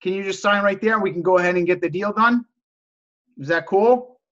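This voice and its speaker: A man with a high-pitched voice hosts a casual live stream, answering viewers' questions with upbeat, salesman-like enthusiasm. The sound is dull and lo-fi. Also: brisk, a bit bright. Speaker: host of a live stream teaching resale negotiation. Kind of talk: casual live-stream coaching, reading chat messages.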